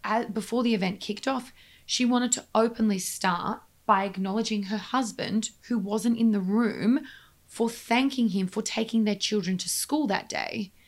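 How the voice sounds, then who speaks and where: A woman's voice, a little high, carries an earnest tone through a conversational interview. Whenever she presses a point, she turns emphatic and quickens.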